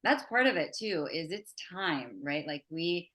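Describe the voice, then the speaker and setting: A woman guest, a psychotherapist and art teacher, speaking in a reflective, soft-spoken way. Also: deep voice, animated, measured pace. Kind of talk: interview conversation.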